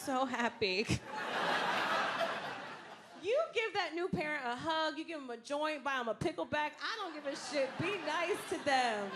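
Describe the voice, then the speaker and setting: High-voiced woman comic, sassy, profane, chatty, loud noise behind. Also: lively intonation, a little slow. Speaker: stand-up comedian. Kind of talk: stand-up routine.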